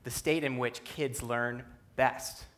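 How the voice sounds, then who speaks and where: Animated young man telling a story. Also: takes it slowly. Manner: animated, humorous, acts out quotes in a lowered voice. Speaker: speaker at a youth conference talk. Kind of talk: personal storytelling speech. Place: stage before a live audience.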